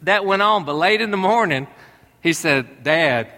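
A man's voice: high-pitched, normal speed, sharp tone, big-room sound. A middle-aged man, preaching a conversational sermon and telling stories to his congregation. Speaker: pastor.

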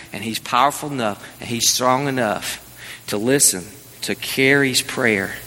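A male pastor preaching a sermon in a church, with lively emphasis that climbs higher as he drives each point home. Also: big-room sound. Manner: animated preaching, rising in pitch on emphasis. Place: church sanctuary.

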